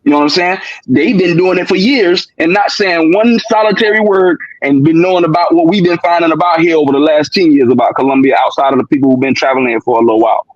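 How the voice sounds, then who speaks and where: A man's voice: on the high side, fast, few pauses, no echo, lo-fi sound. A man in a casual chat who argues his point emphatically and keeps checking in with the listener. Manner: emphatic, asks "you know what I'm saying?" often.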